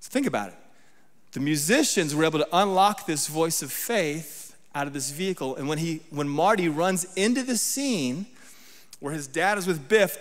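A man's voice: fairly high pitch, expressive, normal speed, a bit bright, in a large hall. A man giving a sermon as guest preacher, talking conversationally and often checking in with the congregation. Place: church sanctuary.

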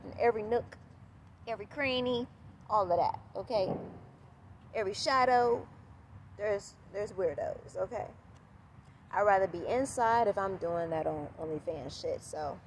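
Casual vlogger woman, animated and repetitive, swears freely, outdoors on a phone, faint noise behind her. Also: medium pitch. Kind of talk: casual vlog monologue. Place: outdoors at sunset.

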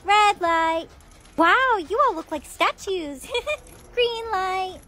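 A woman's voice: extremely high pitch, bright, forceful tone, exaggerated voice. A woman doing a giggling sinister game caller. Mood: taunting. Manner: slow, taunting, giggling.

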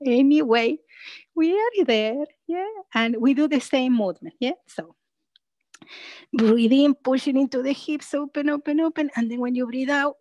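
Woman yoga instructor, unhurried, higher voice, soft breathy exhales, dry close sound. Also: expressive, dry recording, poor audio. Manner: gentle, soothing cues with frequent "yeah?" checks; breathy sighs and soft whispered cues on exhales. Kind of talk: guided chair yoga class.

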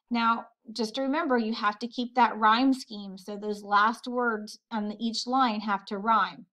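A woman teaching a poetry lesson, walking students through each step with patience. Her voice sits a touch high. She speaks slowly and deliberately. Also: fairly bright tone, poor audio. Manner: slow, patient, explains step by step.

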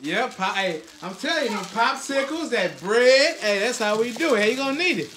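A man's voice: very high-pitched, lively intonation, normal speed, noisy background. A man, a father hosting his family's vlog, hyping up viewers and teasing his son in casual commentary. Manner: hyped, teasing, calling out to viewers. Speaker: channel host and father.

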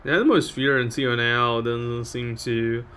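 A man's voice: medium pitch, fairly even intonation, normal speed, a bit bright, smooth. A man giving casual, joking commentary while playing a game, chatting to viewers and laughing at it. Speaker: gameplay channel host. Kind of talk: casual let's-play commentary.

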